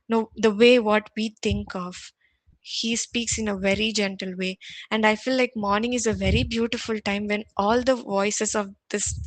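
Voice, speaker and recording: Woman, soft earnest devotional talk, dry close sound. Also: medium pitch, no room sound. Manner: gentle, earnest, with frequent restarts and repeated words. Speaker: devotional speaker. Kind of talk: morning devotional sermon.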